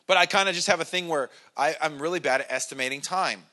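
A man's voice: medium pitch, steady tone, quick pace, few pauses, sharp tone. A man preaching a casual, conversational sermon to his congregation, self-deprecating and full of restarts and acted-out quotes. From Irish family background. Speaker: pastor.

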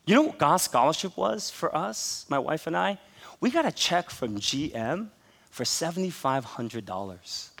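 A pastor in his forties preaching a sermon, telling stories with animated, laughing asides. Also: on the high side, normal speed, gravelly.

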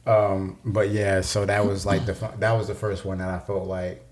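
A very deep-voiced man in his twenties talks on a podcast. He tells his stories in a relaxed, drawling way and keeps things casual. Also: moderate pace, a little hiss or hum. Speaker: podcast guest.

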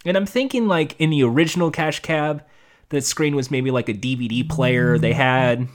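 A man's voice: mid-range voice, moderate pace. A man co-hosting a casual podcast chat, rambling and joking with plenty of fillers. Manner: rambling, jokey, many fillers. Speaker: podcast co-host.

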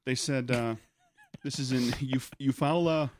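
A man co-hosting a podcast, telling stories in casual comedic chat, rambling with many halting restarts. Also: medium pitch, steady tone, no room sound. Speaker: podcast co-host.

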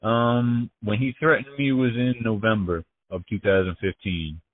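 A man telling his story in casual, profane slang, halting and restarting often. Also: fairly low pitch, steady tone. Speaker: interviewee. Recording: tinny phone line.

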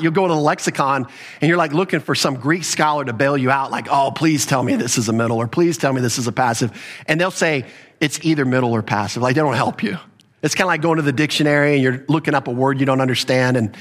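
A man's voice: fairly high pitch, fairly bright tone. Emphatic man teaching in a reverberant hall. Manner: explanatory, emphatic on key verses. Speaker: Bible teacher. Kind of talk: sermon-style Bible teaching.

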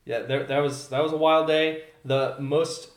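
A young man telling a story in casual chat, animated, with many fillers, trailing off quietly. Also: a little high, measured pace, echoey room. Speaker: podcast guest.

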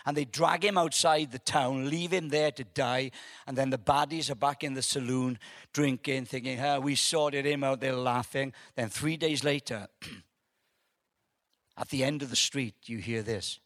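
A man preaching a testimony sermon, telling his story with animated, halting repeats and dropping softly into an invitation to pray. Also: mid-range voice, dry recording, clean studio sound.

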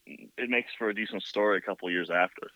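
A motorcycle builder telling a long story in casual chat, full of "like" and "you know.". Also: male voice, fairly low pitch, quick pace, dry recording. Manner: rambling, filler-heavy with many "like" and "you know". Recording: dull lo-fi, dry sound.

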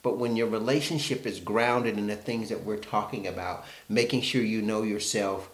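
A man's voice: lowish voice, fairly even intonation, normal speed, roomy sound. A man co-hosting a casual relationship chat, reflective and self-mocking.

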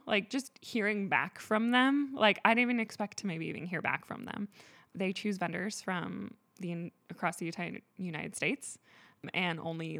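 A woman's voice: medium pitch, a bit bright. A woman guest in a casual interview, telling her story in a chatty way full of "like" and other fillers. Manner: chatty, filler-heavy with frequent "like".

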